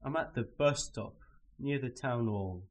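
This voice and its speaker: A man's voice: medium pitch, unhurried, natural voice. A man voicing a coworker running late to a meeting, in a scripted textbook dialogue with a plain, evenly read delivery. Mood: apologetic.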